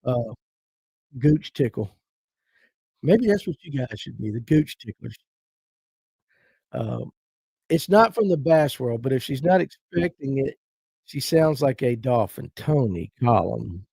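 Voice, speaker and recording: A man's voice: medium pitch, animated, a little slow, gravelly, long pauses, dark tone, slightly rough, dry recording, low-quality recording. A man hosting a casual fishing livestream, reading viewer comments aloud and riffing on them in a folksy, joking way. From Georgia. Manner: joking, rambling, folksy banter.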